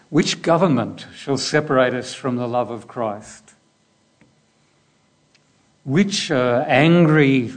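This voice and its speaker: Speaking in a mid-range voice, a man preaches a deliberate sermon built around repeated rhetorical questions.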